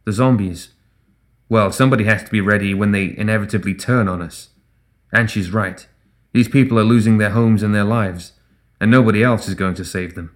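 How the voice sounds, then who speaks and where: A man voicing a grim male mercenary who speaks low and quietly. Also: a little fast, close to an everyday voice. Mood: resolute.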